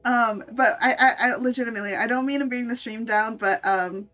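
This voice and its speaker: A woman artist chatting on a live stream, giggly and halting, with many restarts. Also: a little high, a bit bright, highs cut off, soft background music. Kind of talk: live-stream chat while making art.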